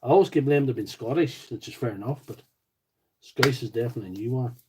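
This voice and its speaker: Fast-talking and medium-pitched, this Northern Irish man from County Tyrone jokes and rambles through a tool repair livestream, responding to viewers' comments while working. The recording is low quality and carries slight background noise.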